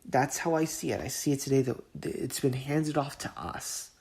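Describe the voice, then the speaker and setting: This is a man of middle pitch speaking alone into his podcast mic. He is earnest and impassioned, and his words stumble and repeat as he gets emotional. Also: moderate pace, creaky, a little mellow. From Southern California. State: getting emotional. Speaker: podcast host. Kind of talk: emotional monologue.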